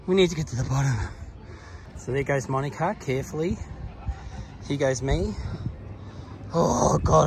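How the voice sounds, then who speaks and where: A man's voice: medium pitch, noisy background. A man narrating a casual travel vlog outdoors at a pyramid site, chatty and laughing often, out of breath from the climb. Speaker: travel vlogger.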